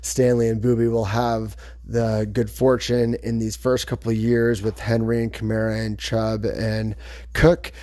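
A man's voice: on the low side, little pitch movement, a little slow, mellow, no echo. A man hosting a podcast, chatting casually in a rambling, self-correcting way. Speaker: podcast host. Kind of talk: casual chat about fantasy football.

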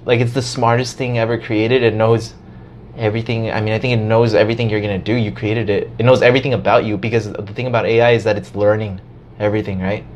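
A man in casual podcast chat, talking in an animated way, swearing and laughing as he tells a story. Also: on the low side, fast talker, slight background noise.

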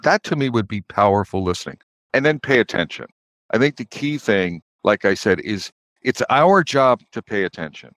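A man's voice: fairly low pitch, animated, normal speed, fairly bright tone, dry recording. A man who coaches leaders, giving a conversational interview answer and explaining with examples and acted-out quotes. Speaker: guest author and leadership coach.

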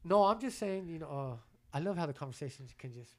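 A man with a slightly high voice hosts a loose podcast conversation. He talks in street slang with plenty of swearing. He stumbles through repeated starts before getting his point out. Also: animated, fairly quick, background noise. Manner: slangy, profane, stammers on restarts. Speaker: podcast host. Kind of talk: casual podcast chat.

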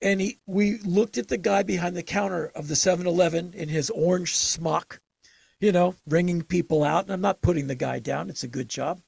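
An older man spinning stories in a relaxed interview, his voice gravelly and somewhat husky. He tells them emphatically, jumping into sudden animated bursts. The sound is close and dry, with no room around it. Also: high-pitched, normal speed, no echo. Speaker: interview guest. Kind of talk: casual storytelling interview.

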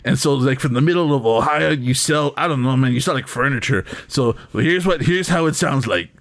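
A man's voice: medium pitch, a little fast, fairly bright tone. A man hosting a comedy bit, talking in a crude, rambling way and laughing at his own jokes. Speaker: comedy host. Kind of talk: improvised comedy sketch.

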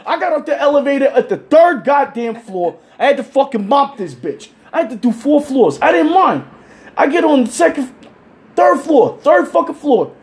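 A man telling crude stories in casual chat, animated and acting out the people he quotes. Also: very high-pitched, moderate pace. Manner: animated, acts out quoted voices. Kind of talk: casual profane storytelling.

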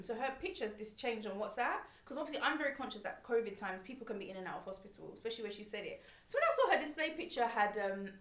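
A woman's voice: on the high side, bright, forceful tone. A young woman, telling a story in casual chat and animatedly quoting other people. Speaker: podcast co-host. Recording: echoey room.

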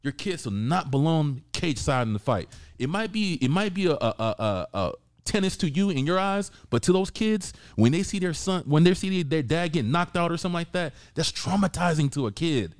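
A man co-hosting a sports podcast, talking in an excitable, profane rant. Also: fairly high pitch, a little fast, few pauses, dry recording, clean studio sound. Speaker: podcast co-host. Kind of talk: casual sports chat.

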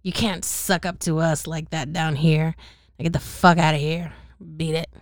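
A woman's voice: sits low, little pitch movement, moderate pace, no echo, clean studio sound, lightly acted. A woman voicing a defiant, foul-mouthed male traitor frozen in ice, spitting insults in a storybook reading.

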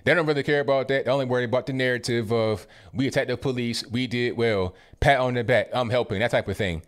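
A man in his twenties or thirties runs a live stream, reading out viewer messages one after another in a mid-pitched everyday voice. He tosses off short, casual reactions between them, speaking close to a desktop mic. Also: fairly even intonation. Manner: casual, quick asides after each message. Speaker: political commentary host reading viewer messages.

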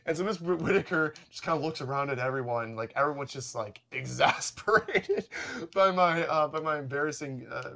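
A man's voice: fairly high pitch, animated, brisk, gravelly, few pauses, bright, forceful tone. A young man co-hosting a casual chat, telling a rambling, self-deprecating story full of fillers and restarts. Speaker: podcast co-host.

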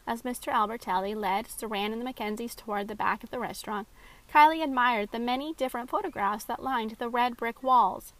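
A woman reading her own children's story aloud, clear and even. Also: a little high, fairly quick, poor audio.

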